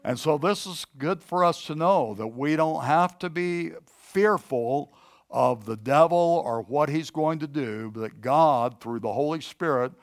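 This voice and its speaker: A man's voice: on the high side, unhurried. A middle-aged man preaching a sermon, teaching and then telling a personal story in a conversational way, with many fillers and restarts.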